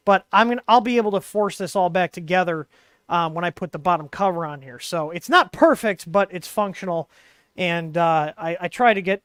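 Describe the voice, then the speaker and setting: This livestream host's voice sits high with a fairly bright tone, captured at studio quality with no room sound. He's running a casual tech stream, working on hardware while explaining it in a rambling, filler-heavy way through a wireless mic.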